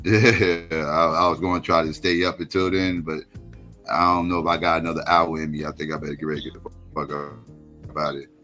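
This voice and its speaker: A man's voice: a bass voice, level tone, brisk, pushed and bright, faint music behind. A man hosting a late-night live stream, telling stories in casual profane talk and acting out quoted voices, sounding tired.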